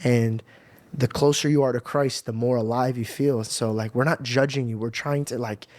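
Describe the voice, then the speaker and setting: A young man tells an emotional personal story in a casual, slangy way, like on a podcast. His voice sits at a middle pitch and is recorded up close and dry. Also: steady tone, normal speed, darkish tone, no room sound. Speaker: podcast guest.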